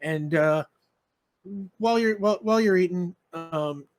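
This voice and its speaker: A man's voice: high voice, measured pace. Man narrating a tabletop game. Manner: relaxed, filler-heavy narration. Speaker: game master.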